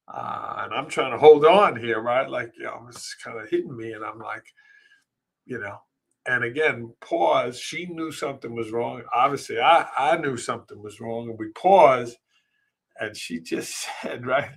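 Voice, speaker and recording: A middle-aged man, hosting a live podcast and telling a personal story, emotional and halting, with many fillers and restarts. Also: medium pitch, gravelly, fairly bright tone, slightly rough. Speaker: podcast host.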